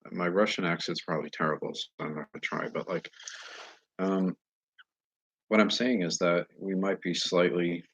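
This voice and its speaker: A man talking straight to his viewers in a casual monologue, earnest and halting as he searches for words. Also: deep voice, fairly even intonation, a bit bright, husky, dry recording. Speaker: vlogger addressing viewers. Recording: dull lo-fi recording.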